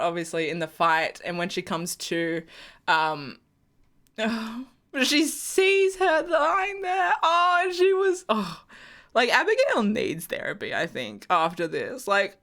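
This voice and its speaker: A woman's voice: medium pitch, a bit bright. A young woman reacting to a TV episode in casual chat, gushing and emotional, often laughing and sighing. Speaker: fan channel host.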